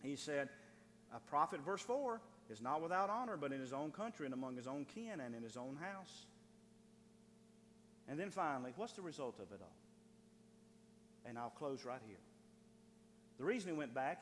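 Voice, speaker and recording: A man preaching a sermon in a church, building from quiet to loud and fervent. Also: a little high, very animated, brisk, pauses often, in a large hall, slight background noise.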